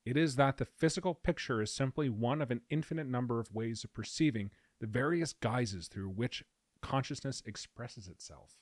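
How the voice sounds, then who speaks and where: A man co-hosting a casual podcast chat, explaining at length and reading quotes aloud slowly. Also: mid-range voice, dry recording, clean studio sound. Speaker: podcast co-host. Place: podcast recording room.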